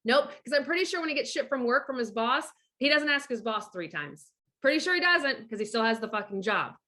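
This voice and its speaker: Speaking a little fast in a bright, pushed voice on the high side with lively intonation, a middle-aged divorce coach delivers a casual monologue straight to camera. She is blunt, emphatic and profane, bossing the viewer with direct orders.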